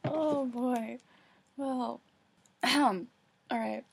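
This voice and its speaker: Alone at home, a woman reads a fan story aloud into her computer microphone, stumbling over words, cursing, and laughing at herself. Her voice is on the high side, creaky and slightly rough, and she reads very slowly.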